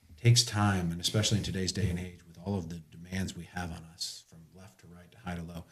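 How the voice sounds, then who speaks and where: A man's voice: deep voice, flat delivery, fast, echoey room. A middle-aged man telling stories in an earnest, casual chat, often quoting what others said. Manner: earnest, storytelling with quoted dialogue; joking. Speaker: podcast guest.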